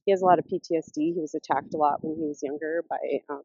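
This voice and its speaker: A woman vlogging casually while out walking her dog, rambling and chatty with laughs, and cooing at the dog in a high baby-talk voice. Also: steady tone, quick pace, creaky, warm tone, slightly rough, no echo, dull audio. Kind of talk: casual vlog chat.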